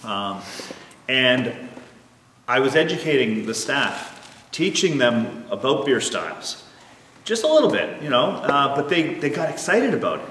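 A man's voice: mid-range voice, very animated, measured pace, fairly bright tone, slight background noise. A man who owns a brewery, talking eagerly in a casual interview, with lots of fillers. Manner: chatty, eager, many fillers. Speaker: brewery owner. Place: large unfinished building. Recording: echoey hall, from far off.

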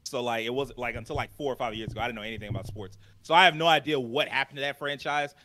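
A man's voice: medium pitch, very fast, sharp tone. A young man co-hosting a casual gaming podcast, talking in a rambling, frank and profane way. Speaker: podcast co-host.

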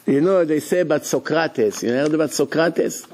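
A man giving a rabbi's lecture, telling stories in an animated way with nonstandard English grammar. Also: on the high side, normal speed.

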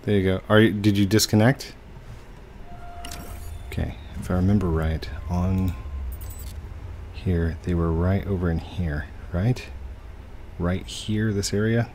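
A man's voice: deep voice, fairly even intonation, a little slow, pauses often, darkish tone, slight background noise. A man hosting a gaming video, chatting casually and playfully with a teammate over voice chat, laughing often.

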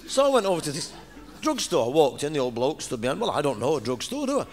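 A man's voice: on the high side, wildly swooping pitch, fast talker, a little mellow. A middle-aged man with a Lancashire accent telling a rambling stand-up story on stage, peppered with "you know". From Lancashire, England. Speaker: stand-up comedian. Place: stage in front of a live audience. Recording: live stage recording with noise.

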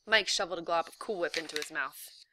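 A woman reading a novel aloud in a steady, even narration. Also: low-pitched, fast talker, background noise. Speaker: reader.

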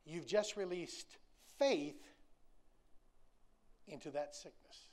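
A man's voice: fairly high pitch, takes it slowly. A man, preaching a sermon in an emphatic, folksy, repetitive way with touches of humor. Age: 60s. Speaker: pastor.

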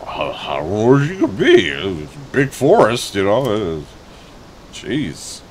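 A man's voice: mid-range voice, huge pitch swings, slow, creaky, a little hiss or hum. A young man giving casual, sarcastic gameplay commentary as a let's play host, swearing freely and joking at the game.

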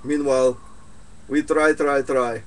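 A man voicing a solemn mystic guru who speaks broken English and drops his articles, pausing with slow "uh"s in an improvised comedy sketch. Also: mid-range voice, fairly even intonation, close to an everyday voice, poor audio. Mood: weary.

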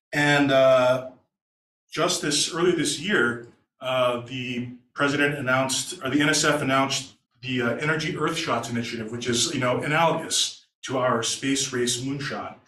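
A man's voice: medium pitch, a bit bright. A man gives public testimony with mounting urgency, his voice turning emotional as he presses his point. He sounds distant from the mic in an echoey hearing room. A faint hiss sits under the recording. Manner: earnest, increasingly emotional and urgent. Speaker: law student testifying. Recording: roomy hall audio from afar, faint noise.

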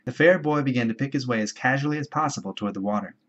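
A man reading a novel aloud in a measured, steady storytelling voice. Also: medium pitch. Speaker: audiobook reader. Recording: dull lo-fi home recording.

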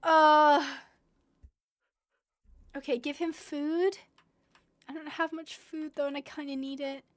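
A woman's voice: high voice, flat delivery, slow. A woman streaming a game live, talking to her viewers with big emotional swings from glum muttering to shrieking distress. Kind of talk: live gameplay commentary.

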